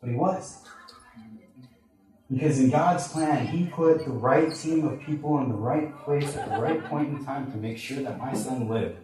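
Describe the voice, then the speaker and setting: Before a live audience in a large, echoey room, a man earnestly shares a personal testimony in a halting way, voicing the people in his story. His mid-range voice is a little mellow, and the recording sounds like an echoey hall captured from far away.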